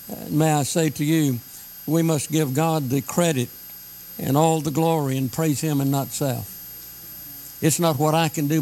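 A man preaching a sermon, slowing down to stress scripture lines. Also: a little high, darkish tone, a little hiss or hum, low-quality recording. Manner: emphatic, slows down to stress scripture.

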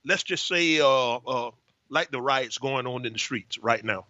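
Earnest older pastor, bright voice. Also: male voice, medium pitch, measured pace, dry recording. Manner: earnest, with frequent uh fillers. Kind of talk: conversational talk show guest. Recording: dull lo-fi sound.

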